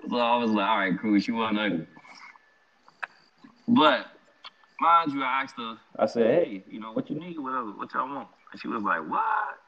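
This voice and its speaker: A young man casually telling an animated, slangy story about a night out, laughing often. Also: mid-range voice, unhurried, pauses often. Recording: dull lo-fi sound.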